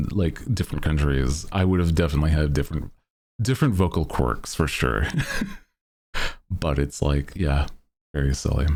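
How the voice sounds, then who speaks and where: Very deep, slow-talking male streamer. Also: darkish tone. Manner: rambling, heavy use of "like" fillers; upward lilt at sentence ends. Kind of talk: casual stream chat.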